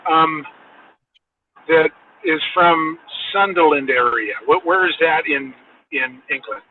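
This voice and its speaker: A man's voice: a little high, takes it slowly. A man from Washington state, chatting casually and asking curious questions. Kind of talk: casual chat. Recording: tinny phone line with faint hiss.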